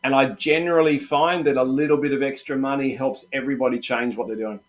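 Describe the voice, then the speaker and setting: A man's voice: mid-range voice, steady tone, quick pace. A middle-aged Australian man hosting a live trading stream, chatty and encouraging, calling viewers "mate" and "guys". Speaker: live trading room host.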